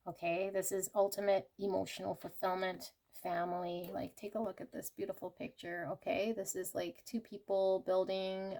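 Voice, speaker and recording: A woman's voice: lowish voice, darkish tone. A woman giving a casual pick-a-card tarot reading to her viewers, emotional and chatty with many fillers. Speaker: tarot reader.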